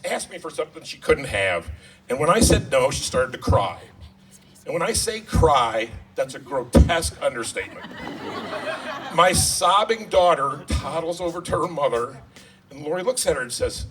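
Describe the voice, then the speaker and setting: A man giving a wedding toast as father of the bride, joking about himself and getting emotional. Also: mid-range voice. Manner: self-deprecating, joking, emotional. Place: wedding reception hall. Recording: distant mic, loud crowd noise. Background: crowd and laughter.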